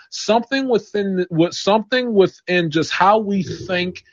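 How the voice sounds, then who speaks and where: A man's voice: sits high, lively intonation, a little slow, no echo. A man talking football on a podcast, rambling and restarting his sentences often. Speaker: podcast co-host. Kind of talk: casual sports chat. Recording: dull lo-fi sound.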